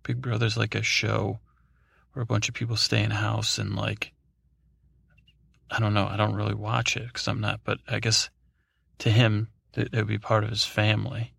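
A man's voice: on the low side, flat delivery, moderate pace, vocal fry, fairly bright tone, slightly rough, no room sound. A man hosting a podcast, telling a meandering, drowsy bedtime story with many fillers and restarts. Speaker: podcast host.

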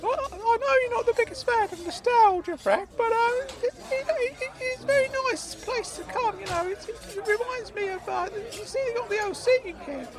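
A man voicing a fussy, nostalgic older uncle in a high, squeaky put-on voice, prim and insistent, in a comedy podcast sketch. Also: moderate pace, few pauses. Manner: insistent, prim and easily delighted.

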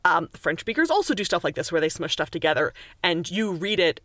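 A woman's voice: fairly low pitch, very animated, fairly quick, fairly bright tone, no room sound. A woman from Canada talks through language as a guest on a podcast interview. She is chatty and explanatory, with plenty of fillers and restarts. The sound is dry and close to the mic. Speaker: author and linguist guest.

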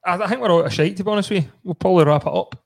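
A man's voice: high-pitched, rapid-fire, vocal fry. A man with a Scottish accent hosting a football podcast in casual, laughing, sweary banter. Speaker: podcast host. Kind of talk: casual chat.

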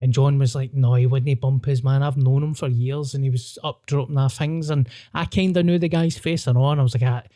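A Scottish man with a Glaswegian accent, hosting a podcast and telling a wild story in an animated, sweary way, acting out voices. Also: medium pitch, brisk, hardly any pauses. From Scotland. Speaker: podcast host. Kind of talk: casual storytelling chat.

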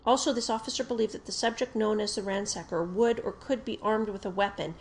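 A woman reading an official police report aloud in a steady, formal narration. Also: mid-range voice, a little fast, a little hiss or hum. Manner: steady, formal delivery that gets louder on quoted shouts.

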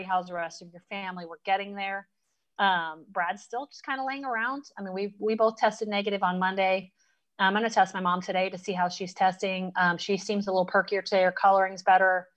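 A woman hosting a live online chat, talking in an earnest, halting way with many fillers. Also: mid-range voice, a bit bright. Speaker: host. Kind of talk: casual live-stream chat.

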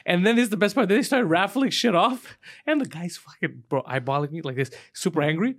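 Man, quick talker, high voice, laughs mid-story, casual podcast chat. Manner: animated, swearing, laughs through his stories. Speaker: podcast co-host.

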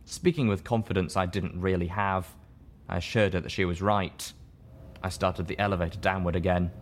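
A man with a fairly low voice narrates an audiobook in the first person. His reading is steady and measured, keeping an even pace. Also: slight background noise.

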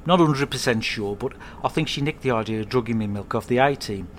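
A man hosting a podcast, telling a comic monologue at home in a rambling, sweary, deadpan way. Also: medium pitch, a little fast, a little hiss or hum. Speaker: podcast host.

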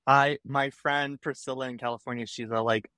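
Young guy guesting on a podcast, chatty storyteller, does the voices of people he quotes, mid pitch, dry sound. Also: moderate pace, clean tone, no echo. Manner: animated, acts out quoted people. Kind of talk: casual storytelling.

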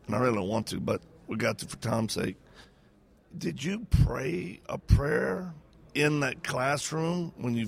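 Gravelly, chatty male talk host. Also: medium pitch. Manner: chatty, conversational, with asides and quick reactions. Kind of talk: casual interview talk.

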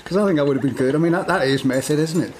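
A man's voice: on the high side, racing. Male co-host, playful chatter, laughs a lot, faint hiss behind. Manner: jokey, laughs often, playful asides. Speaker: podcast co-host. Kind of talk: casual chat.

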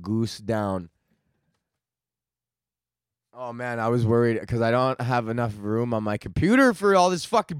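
A man's voice: medium pitch, no echo, clean studio sound. A young man hosting a comedy podcast, rambling through a crude, slangy monologue and laughing at his own jokes.

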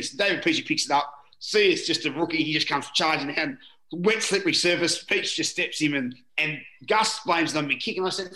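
Speaking brisk and on the high side, this middle-aged Australian ex-rugby league player sounds bright and forceful. He spins rambling stories in a casual interview, full of "you know" and the odd curse, and the room is roomy and echoey.

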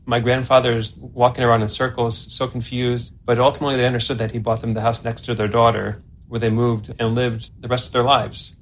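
A man in his thirties tells a family story in a relaxed, chatty way. He speaks at an ordinary pitch from a room in his home. A faint hiss of noise sits under his voice. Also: brisk, few pauses. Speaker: interviewee, family member. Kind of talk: casual storytelling.

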